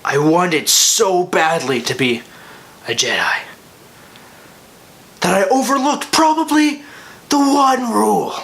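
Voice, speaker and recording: A young man telling a funny personal story, jumping from excited yelps to hushed whispers. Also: high-pitched, slow, gravelly, pauses often.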